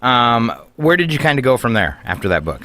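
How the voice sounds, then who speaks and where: A man's voice: mid-range voice, big pitch swings, a little fast, pushed and bright. A man hosting a casual radio interview, chatty and jokey, poking fun at himself. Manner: jokey, chatty, self-deprecating. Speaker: radio show host.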